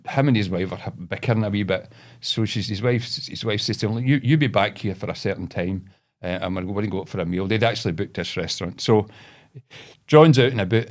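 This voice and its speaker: A Scottish man co-hosting a podcast, telling a story in a loose, laughing, sweary way. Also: on the low side. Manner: animated, laughing, swearing freely. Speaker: podcast co-host. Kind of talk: casual storytelling.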